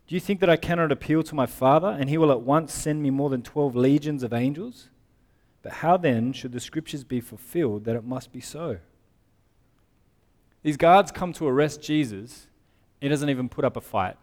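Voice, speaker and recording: A man's voice: fairly high pitch, moderate pace, darkish tone. A man with a slightly raised voice preaches to a congregation, reading scripture aloud and unpacking it in plain, conversational terms. His words ring out through a church hall with a long reverb tail. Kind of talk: sermon.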